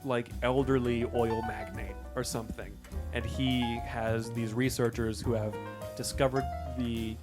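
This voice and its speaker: Man, co-host, eager, pitching ideas, middle pitch, clear guitar music. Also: steady tone, unhurried. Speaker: podcast co-host. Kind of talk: casual brainstorming chat.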